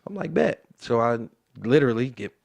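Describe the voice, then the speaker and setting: A man's voice: mid-range voice, big pitch swings, a little fast, vocal fry, darkish tone. A young man in his twenties, an interview guest and football player, telling a story casually and acting out the voices of the people in it.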